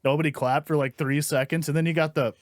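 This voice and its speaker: Animated young man telling stories. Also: on the high side, quick pace, background noise. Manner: animated storyteller, swears freely. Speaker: stand-up comedian and podcast host. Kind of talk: casual storytelling chat.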